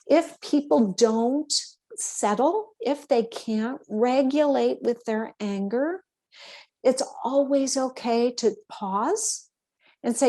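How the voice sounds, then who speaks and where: A woman giving a calm, explanatory instructional talk to veterinary staff, often checking in with her listeners. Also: on the high side, takes it slowly. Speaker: workshop presenter for veterinary staff.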